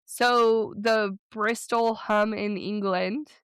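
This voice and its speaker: A woman co-hosting a podcast in casual chat, telling stories in a chatty, rambling way with quick bursts. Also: medium pitch, fairly even intonation, a bit bright, clear, resonant tone, dry recording, studio quality. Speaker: podcast co-host.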